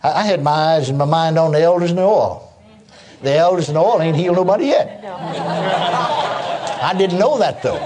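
A man's voice: a little high, fairly quick, background noise. An older man preaching a sermon, telling stories with lots of repetition and chuckles. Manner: animated storytelling with repetitions and laughs.

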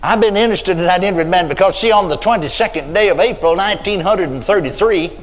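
An older man from Texas, preaching a sermon in a folksy storytelling manner with drawn-out emphasis. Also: high voice, soft background music. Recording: reverberant hall.

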